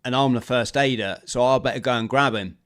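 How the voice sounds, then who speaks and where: A man, a former marine guest on a podcast, telling a lively story and acting out the shouts, talking over a video call. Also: medium pitch, a little fast. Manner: animated storyteller, acts out shouted quotes. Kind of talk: storytelling interview.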